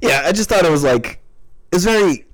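A man co-hosting a film podcast in casual chat, measured and hesitant, often pausing on "uh". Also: sits high, animated. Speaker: podcast co-host.

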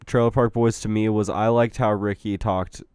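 A man's voice: fairly low pitch, fairly even intonation, moderate pace, a little mellow, clear, resonant tone, no echo, clean studio sound. A man hosting a casual podcast, joking loosely and swearing freely. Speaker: podcast host.

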